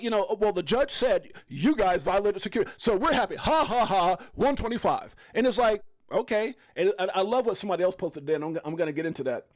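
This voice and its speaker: Man, livestream host, high-pitched, excitable, rambling, dry close sound. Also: no echo. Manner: excitable, rambling, mocking asides. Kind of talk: casual livestream commentary.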